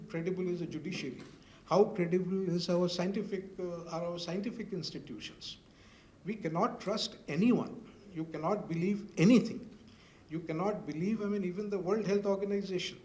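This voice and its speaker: An older man with an Indian English accent tells a story at a university panel, stopping often and filling gaps with "I mean" and "uh". His voice sits a little higher than most men's. A faint hum of noise runs under it. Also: a little mellow, reverberant. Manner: hesitant, many "I mean" fillers, storytelling. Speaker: panel speaker, former newspaper editor.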